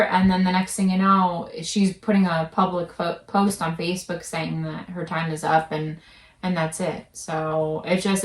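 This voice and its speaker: A woman host chatting in a rambling, halting, reflective way. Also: lowish voice. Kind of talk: casual chat. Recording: roomy, distant mic.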